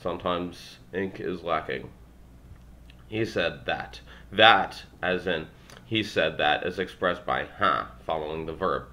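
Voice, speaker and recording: A young man reading a language textbook aloud, working through phrases with halting restarts and wry asides. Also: low-pitched, sharp tone, slight background noise. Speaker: language learner vlogger.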